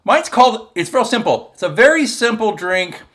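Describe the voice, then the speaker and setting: A man's voice: high-pitched, very animated, moderate pace, fairly bright tone. A man hosting a casual home cocktail show, chatting and joking as he mixes drinks at his bar. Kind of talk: casual chat while mixing drinks.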